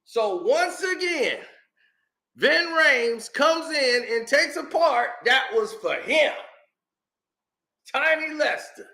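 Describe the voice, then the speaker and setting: High-voiced, animated storytelling man. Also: slow pace, creaky, pauses often, echoey room. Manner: animated, acts out quotes, laughs often. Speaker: host. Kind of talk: casual storytelling commentary.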